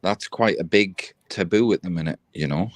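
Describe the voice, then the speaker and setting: A man with a somewhat low voice talks as a guest on a live stream. He is thoughtful and hedges often with "you know" and "sort of". The audio is dry, with no room echo. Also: moderate pace. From South Africa. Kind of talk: casual chat on a live stream.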